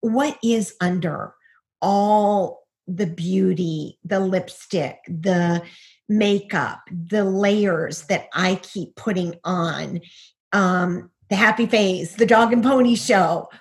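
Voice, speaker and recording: A woman's voice: medium pitch, takes it slowly. A middle-aged woman, a guest, giving a personal testimony over a video call, earnest and full of rhetorical questions.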